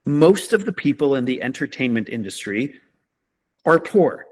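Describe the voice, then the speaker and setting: A man's voice: mid-range voice, sing-song, normal speed, husky. A man, a podcast guest, speaking emphatically and passionately in a conversational interview, with repeated rhetorical questions.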